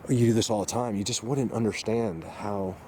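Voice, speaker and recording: Man, low voice, rambling, excitable, outdoor camera audio, noisy woods, birds. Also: moderate pace. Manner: excitable, rambling, addresses viewers as you guys. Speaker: Bigfoot hunter vlogger. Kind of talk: excited handheld outdoor vlog. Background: birds and outdoor ambience.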